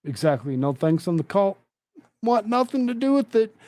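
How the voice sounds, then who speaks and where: A man's voice: high-pitched, big pitch swings, moderate pace, mellow, no echo. A man hosting a casual commentary show, sarcastic and exasperated as he rambles about news and viral clips.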